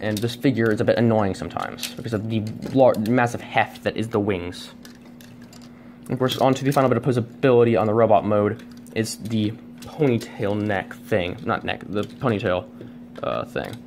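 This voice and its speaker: With a fairly low, darkish voice at a normal speed, a man reviews a toy at home on a camera set on a tripod. His unscripted take is casual and rambling, self-deprecating and packed with fillers and restarts. Slight noise sits in the background.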